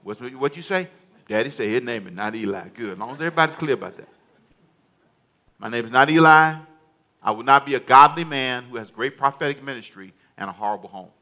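A man's voice: mid-range voice, lively intonation, fairly quick, bright, forceful tone. A male pastor preaching a sermon, emphatic and humorous, in a storytelling manner.

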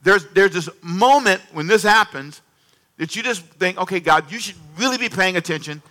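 A male preacher giving a lively sermon, calling out questions to the congregation and acting out dialogue with sudden drops and rises in volume. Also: high-pitched, normal speed. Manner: animated, call-and-response with congregation; acts out dialogue with varied volume.

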